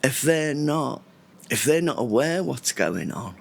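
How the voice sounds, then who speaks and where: A man's voice: mid-range voice, very animated, unhurried, vocal fry. A man, talking casually to camera at home in a rambling, reflective way that often interrupts itself. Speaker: vlogger. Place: indoors at home.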